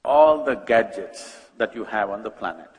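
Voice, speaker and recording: A man's voice: lowish voice, lively intonation, moderate pace, in a large hall. A man giving a public spiritual talk, questioning the audience with dry humor. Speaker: spiritual speaker.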